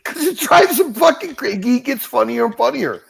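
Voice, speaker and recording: A man's voice: very high voice, expressive, normal speed, gravelly, fairly bright tone, a little hiss or hum. A man co-hosting a livestream, rambling and swearing as he banters and laughs. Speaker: livestream co-host.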